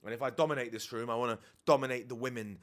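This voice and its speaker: A man's voice: mid-range voice, fairly even intonation, rapid-fire. A man, a dating and life coach, talking frankly and reflectively to camera indoors, swearing casually now and then. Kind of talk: candid confessional talk to camera. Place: indoors with DJ kit behind him.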